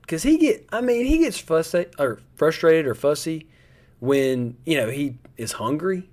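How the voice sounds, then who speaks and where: A man's voice: a little high, sing-song, measured pace. Chatty guy hosting a stream. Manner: chatty, rambling, talks straight to viewers. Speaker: live stream host. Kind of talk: casual chat to a live audience.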